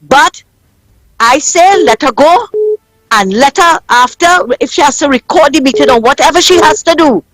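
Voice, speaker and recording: High-pitched Trinidadian caller, dry sound. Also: expressive, normal speed, fairly bright tone, no echo, poor audio. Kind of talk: call-in radio talk.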